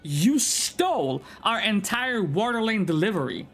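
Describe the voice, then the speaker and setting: A man voicing an indignant young woman activist with a sharp manner. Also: high voice, moderate pace, faint music behind.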